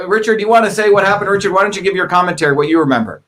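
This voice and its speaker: Middle-aged male streamer, slightly high pitch, loose talky commentary style. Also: racing, fairly bright tone. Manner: talkative, repeats "okay?" to the audience. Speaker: livestream host. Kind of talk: casual livestream commentary.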